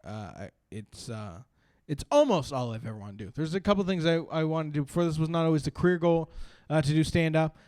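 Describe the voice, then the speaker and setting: A man doing a stand-up set, rambling with lots of fillers and breaking into sudden loud bursts. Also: on the high side, lively intonation, fast, few pauses, no echo. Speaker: stand-up comedian.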